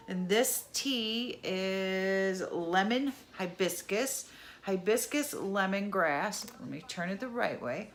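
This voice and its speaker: Slow, chatty woman unboxing. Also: mid-range voice, animated. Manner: chatty, exclaims over items, laughs at own mispronunciation. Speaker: unboxing vlogger. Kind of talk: casual unboxing chat.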